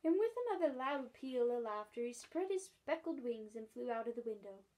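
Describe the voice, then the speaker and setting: A woman librarian reading a children's book aloud and talking warmly to young listeners. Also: a little high, moderate pace, poor audio. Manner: warm, encouraging, expressive. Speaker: school librarian.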